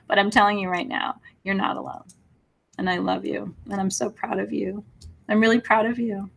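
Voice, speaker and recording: A woman hosts a spiritual live stream in a mid-pitched voice, speaking tenderly and reassuringly to her viewers. She calls them out by name and talks with open, heartfelt emotion. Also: vocal fry, a bit bright. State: teary at moments. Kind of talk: live-stream chat reading viewer comments.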